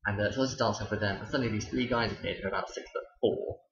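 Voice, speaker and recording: A man's voice: fairly low pitch, fairly even intonation, very fast, a crowd in the background. A young man, a teacher, telling stories in a chatty, wry vlog. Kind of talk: casual storytelling vlog. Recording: dull roomy home recording.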